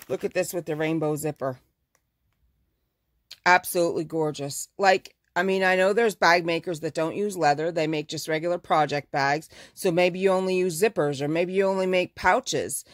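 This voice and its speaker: A woman's voice: lowish voice, dry recording, studio quality. A woman who owns a fabric shop, chatting through a casual live showcase of her fabrics. She gushes over the prints and corrects herself mid-sentence.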